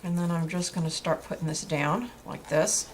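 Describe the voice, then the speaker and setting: A woman's voice: deep voice, steady tone, normal speed, a little hiss or hum. A woman talking through a craft tutorial in a chatty way while she works, with frequent fillers and restarts.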